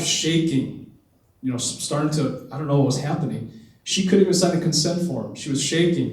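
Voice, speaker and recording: A man's voice: mid-range voice, darkish tone. A man presenting at a conference, telling a personal story in an earnest, emotional way. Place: conference hall. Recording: echoey hall from far off.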